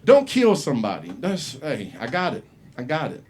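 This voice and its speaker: A man's voice: mid-range voice, wildly swooping pitch, moderate pace, slight background noise. A man telling a profane story as a stand-up comic at an open mic, acting out the people he quotes. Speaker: stand-up comedian. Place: comedy club stage.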